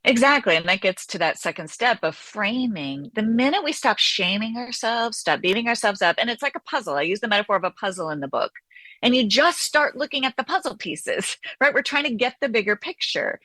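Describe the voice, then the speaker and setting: A woman therapist talking as an interview guest, animated and acting out inner voices as she explains. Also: a little high, brisk, no echo. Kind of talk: conversational interview.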